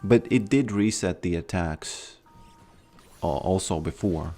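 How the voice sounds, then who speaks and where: Male streamer, deep voice, relaxed chatty delivery over faint music. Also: slow pace. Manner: laid-back, answering chat, trailing off mid-sentence. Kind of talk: casual livestream chat while gaming.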